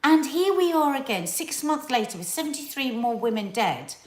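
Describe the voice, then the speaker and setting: A woman's voice: high-pitched, big pitch swings, normal speed. A middle-aged woman co-hosting a casual chat, talking in an impassioned, emphatic way and repeating words for stress. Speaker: co-host of a family talk channel. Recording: roomy echo.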